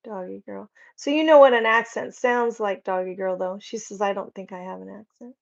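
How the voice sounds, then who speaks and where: A woman's voice: mid-range voice, fairly even intonation, moderate pace, creaky, lo-fi sound. A woman hosting a casual livestream, chatting and reading viewer comments in a rambling, friendly way. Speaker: livestream host. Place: home.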